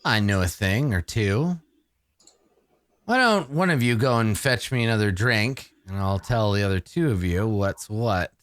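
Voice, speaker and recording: A curt, hard-edged tavern woman, as a man puts her on at a tabletop game. She talks low and dry, brushing people off with blunt orders. The recording is close and dead, with no room sound. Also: expressive, unhurried, a bit bright, no echo. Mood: wry. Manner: blunt, dismissive. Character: gruff tough woman running a card table. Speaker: game master voicing a character.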